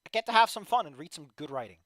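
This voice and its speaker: Tired man ranting with a lively voice. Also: sits high, racing, no echo, studio quality. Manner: profane ranting, swings between tired mumbling and loud yelling. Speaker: streamer reading fan fiction aloud. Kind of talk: casual live reading and commentary. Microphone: desk microphone.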